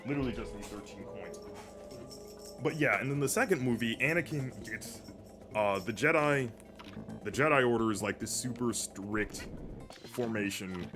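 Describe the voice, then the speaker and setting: A man's voice: medium pitch, animated, moderate pace, long pauses. A young man chatting casually while streaming a video game, rambling with lots of fillers. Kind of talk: casual gameplay commentary. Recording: music playing behind.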